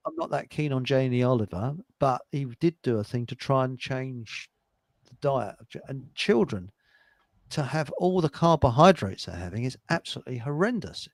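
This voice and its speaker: A man's voice: mid-range voice, lively intonation, normal speed, dry recording. An older man hosting a casual radio chat, joking and laughing often. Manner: chatty, laughs often, jokey asides. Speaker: host.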